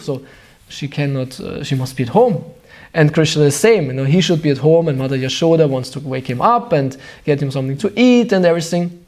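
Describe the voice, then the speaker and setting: High-voiced German man preaching. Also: brisk. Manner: searching for words, animated storytelling. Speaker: spiritual teacher. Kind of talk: devotional sermon.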